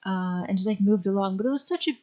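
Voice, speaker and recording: A young adult woman telling a friendly, excitable story about meeting a favorite star in casual chat. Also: mid-range voice, quick pace, muffled recording. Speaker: podcast guest.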